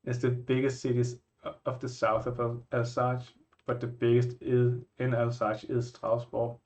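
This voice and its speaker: A man's voice: mid-range voice, completely flat delivery, unhurried, dull audio. Musing Scandinavian man, casual chat. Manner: musing, thinks out loud with frequent restarts. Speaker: vlogger reacting to places.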